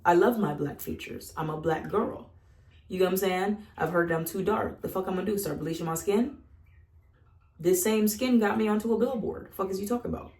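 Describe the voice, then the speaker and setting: Young woman, slightly low pitch; blunt, profane, lively monologue in a reverberant room. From Southern United States. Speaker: vlogger. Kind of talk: candid casual monologue. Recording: echoey room.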